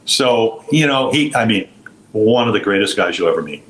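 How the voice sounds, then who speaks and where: An older man, a former pitcher and broadcaster, telling long anecdotes with restarts and quoted voices in an interview. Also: animated, normal speed, fairly bright tone, poor audio. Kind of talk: storytelling interview.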